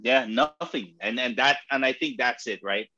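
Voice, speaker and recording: A man chats casually about football on a podcast, hesitant and searching for his words, quick to laugh. His pitch is middling. His audio sounds a bit dull and lo-fi. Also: pushed and bright. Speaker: sports podcast co-host.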